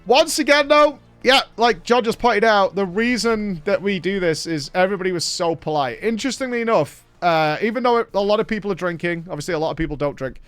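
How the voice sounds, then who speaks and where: A man's voice: high-pitched, brisk, hardly any pauses, clear, resonant tone, no room sound. A man, hosting a casual podcast and telling a story with lots of swearing and laughter. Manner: animated, swears a lot, laughs through the story. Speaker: podcast host.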